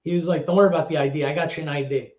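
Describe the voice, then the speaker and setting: A middle-aged New man tells his stories with animated, streetwise energy, slipping into other people's voices and swearing freely. His voice sits a little high for a man. The recording is roomy and echoey, with a dull, lo-fi sound. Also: rapid-fire. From the Bronx, New York. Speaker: guest, former actor and DJ. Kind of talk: casual storytelling interview.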